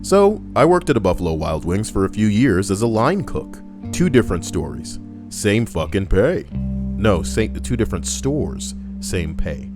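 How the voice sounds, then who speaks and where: A man's voice: lowish voice, sing-song, measured pace. A man reading stories on a live stream, casual and profane, breaking off for wry asides to his chat. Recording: background music playing.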